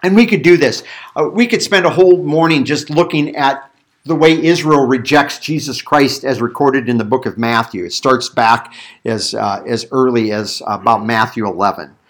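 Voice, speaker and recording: A man teaching a Bible passage in a conversational sermon, animated and given to acting out quotes. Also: medium pitch, normal speed. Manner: animated, acts out quoted voices, thinks aloud with restarts. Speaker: pastor teaching a Bible study.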